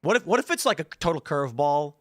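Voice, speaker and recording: A man hosting a casual political panel, telling animated stories and acting out quotes. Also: a little high, quick pace, no echo, clean studio sound. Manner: animated storyteller, acts out quotes. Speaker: host.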